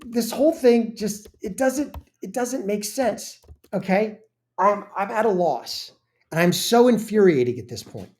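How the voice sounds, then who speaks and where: A woman's voice: medium pitch, animated, unhurried, a little mellow. Brief: woman host of a reaction channel, indignant and emphatic, stumbles and restarts often. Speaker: political commentary host. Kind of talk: reaction commentary.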